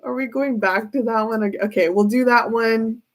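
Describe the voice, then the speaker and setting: A woman's voice: a little high, moderate pace. A woman giving a casual tarot reading who keeps breaking into giggles as she talks. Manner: giggly, often breaks into laughter. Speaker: tarot reader.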